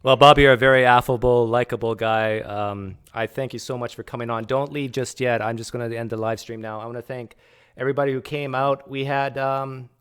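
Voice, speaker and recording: A man's voice: medium pitch, fairly even intonation, brisk, a bit bright, clean tone. A man hosting a livestream, chatty and teasing, joking with his guest. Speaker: livestream host. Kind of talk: casual livestream chat.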